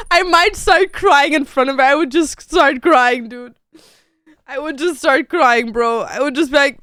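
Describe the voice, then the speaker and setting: A young woman streaming, chatting casually and reacting excitably, jumping to squealing highs. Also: unhurried, dry recording, clean studio sound. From Latin America.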